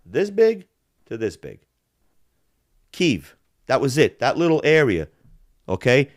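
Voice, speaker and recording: This Balkan man hosts a podcast and rants slowly but fiercely, swearing and putting on mock accents. His voice leaps up and down with energy. The audio is dry and intimate, with no sense of a room.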